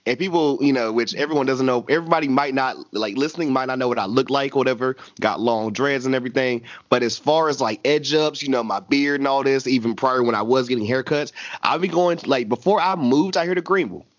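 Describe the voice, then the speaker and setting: A man's voice: medium pitch, a little fast, hardly any pauses, no echo, lo-fi sound. A man in his twenties co-hosting a podcast, chatting casually and animatedly about a TV episode, full of slang and laughter. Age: 20s. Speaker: podcast co-host. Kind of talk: casual chat recapping a TV episode.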